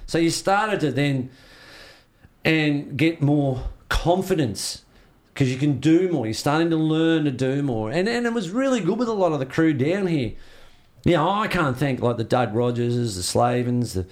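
A man's voice: on the high side, expressive, moderate pace. A man with an Australian accent, a surfboard shaper, telling rambling stories in a casual interview and acting out the reactions he quotes.

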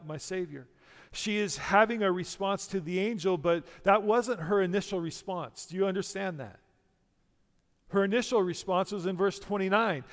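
A man's voice: high-pitched, big-room sound. A man preaching a sermon to a congregation, emphatic and full of rhetorical questions. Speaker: pastor.

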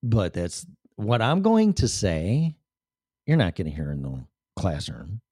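A man's voice: sits low, huge pitch swings, a little slow, dark tone, dry recording, studio quality. A man hosting a livestream in a casual ranting monologue, profane and rambling, with sudden shifts of voice. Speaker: livestream host.

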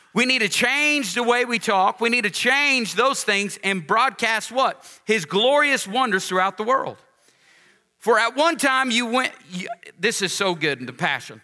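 A pastor delivering a folksy sermon, rising to emphatic calls to the congregation. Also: male voice, high voice, bright, forceful tone.

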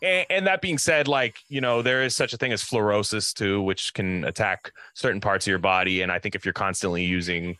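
Young male podcast co-host, bright crisp tone, dry close sound, loose and profane delivery. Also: on the low side, a little fast, few pauses, dry recording. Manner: loose, profane, animated storytelling. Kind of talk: casual chat.

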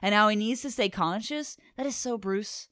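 A woman's voice: mid-range voice, moderate pace, a bit bright, no echo, clean studio sound. A woman co-hosting a podcast, enthusiastically recapping a comic book in casual chat and swearing now and then. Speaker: podcast co-host.

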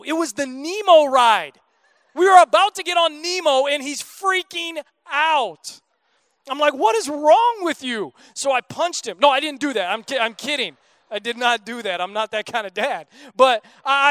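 A man's voice: very high-pitched, fairly bright tone, no room sound. A man in his thirties preaching a sermon as a pastor, in a casual, joking, conversational way.

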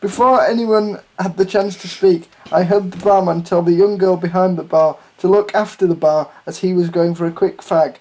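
A man's voice: high-pitched, steady tone, moderate pace, few pauses, a little mellow. A man reading a listener's story aloud on a comedy podcast, laughing at it as he goes. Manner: giggly, keeps breaking into laughter.

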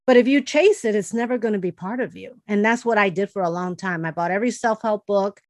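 A woman's voice: medium pitch, fast, no echo. Chatty woman podcast host, dry sound. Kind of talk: casual conversation.

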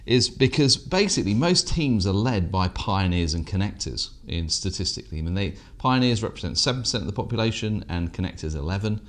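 A very deep-voiced British man co-hosting a casual business podcast. He talks with dry, self-deprecating humour, easing between banter and explanation. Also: lively intonation, a little fast, hardly any pauses, a bit bright. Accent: British English. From England. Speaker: podcast co-host.

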